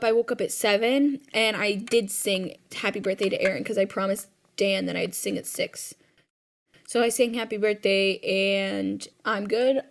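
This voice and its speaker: A woman's voice: mid-range voice, creaky. A woman retelling a scary personal story in casual, rambling speech full of "like" fillers, recorded at home.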